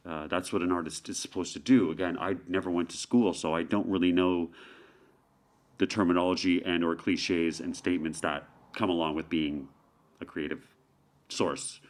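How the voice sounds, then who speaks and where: A Canadian man with a fairly low voice chats in an easygoing interview. His talk is playful and meandering, and jokes keep slipping in. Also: steady tone, moderate pace. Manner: playful, rambling, joking. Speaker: guest street artist. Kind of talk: casual interview chat.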